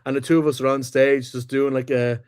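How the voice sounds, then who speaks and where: Fast-talking excitable man, podcast co-host. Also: mid-range voice, clean tone. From Ireland or UK. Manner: rapid, excitable, swears freely. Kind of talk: casual chat.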